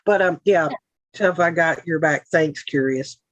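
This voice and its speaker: A woman's voice: deep voice, moderate pace, dry recording, highs cut off. A woman from Middle Tennessee with a Tennessee accent, hosting a casual livestream chat in a frank, sarcastic way, from her home. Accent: Tennessee Southern. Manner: frank, sarcastic, chatty with frequent asides. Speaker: livestream host.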